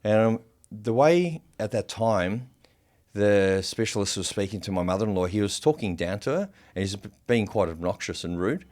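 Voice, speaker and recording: A podcast guest tells a personal story in a casual, animated way, swearing freely and leaning on lots of fillers. His voice is lowish and his pace normal.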